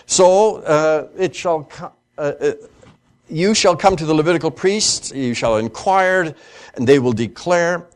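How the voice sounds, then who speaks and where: A man lectures a class on scripture in a fairly high voice, unhurried and deliberate. He stumbles through fillers and restarts, then leans hard on each quoted verse as he reads it out slowly. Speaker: Bible lecturer.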